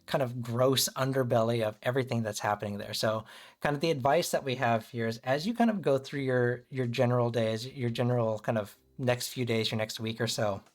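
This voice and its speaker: A man's voice: medium pitch, brisk. Chatty man giving a tarot reading. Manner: loose and chatty, peppered with "kind of" and "right?". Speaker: tarot reader and streamer. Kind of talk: casual livestream tarot reading.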